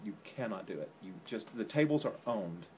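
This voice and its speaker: A man's voice: fairly low pitch, lively intonation, brisk, dark tone, slight background noise. A man co-hosting a casual vlog, telling a rambling, joking story, filmed on a phone at home. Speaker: vlog co-host. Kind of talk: casual chat. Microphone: phone camera.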